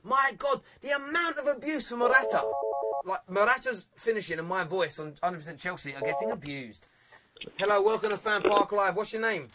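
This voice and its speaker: A man's voice: high-pitched, expressive, brisk, music in the background. A young man hosting a live football phone-in, chatty and jokey, laughing often and reading viewer comments aloud. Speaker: phone-in show host.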